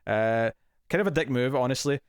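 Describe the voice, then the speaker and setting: A man's voice: mid-range voice, brisk, clear, resonant tone, no echo, studio quality. A man co-hosting a TV review podcast in casual chat, talking loosely with lots of fillers and easy laughs.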